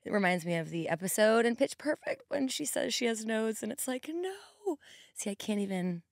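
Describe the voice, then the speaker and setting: A hoarse woman in her forties hosting a podcast, chatting casually and rambling with quick asides. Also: mid-range voice, expressive, no room sound, clean studio sound. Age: 40s. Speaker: podcast host. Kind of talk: casual monologue.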